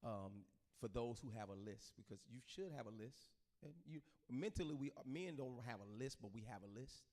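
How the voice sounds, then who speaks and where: A middle-aged pastor chats casually with his congregation in a mid-range voice at normal speed. He's an animated storyteller who acts out the voices of the people in his stories.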